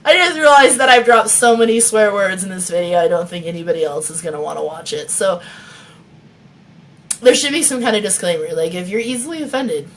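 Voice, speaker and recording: A woman's voice: on the high side, fairly bright tone. Laughing woman author, swearing freely. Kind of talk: reading her novel aloud, then chatting with viewers. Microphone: phone.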